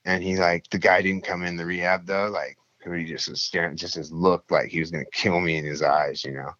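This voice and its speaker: A young man with a lowish voice tells a rambling, swear-filled story in casual chat. He gets animated and lifts his voice when he acts out what others said. The recording is dry and slightly dull. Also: fairly quick, dry recording. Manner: profane, rambling, animated when quoting people.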